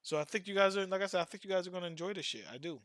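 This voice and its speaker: A man's voice: high-pitched, racing, fairly bright tone, dry recording, clean studio sound. A man who streams and makes music, chatting loosely with his viewers in slang, swearing freely and repeating himself. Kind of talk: casual live-stream chat.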